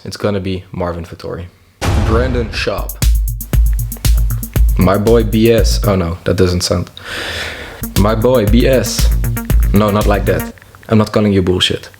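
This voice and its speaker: A young man narrating a comedic vlog in a jokey, deadpan way, with asides to himself. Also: fairly low pitch. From half French. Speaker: YouTuber.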